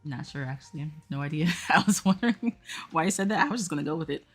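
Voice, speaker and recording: Low-voiced woman chatting on a livestream. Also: expressive, fast, breathy edge, faint music behind. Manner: rambling, lots of "like" fillers; talks to chat while working a jigsaw. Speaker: puzzle livestream host. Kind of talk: casual livestream chat.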